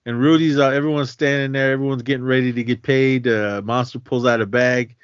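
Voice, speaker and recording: A man casually retells a movie scene by scene, rambling and correcting himself as he goes. His voice sits in a middle pitch. The recording is dull and dry, with a lo-fi podcast sound. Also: fairly even intonation, fairly quick, clear, resonant tone, no echo. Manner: rambling retelling with many fillers and self-corrections. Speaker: podcast co-host.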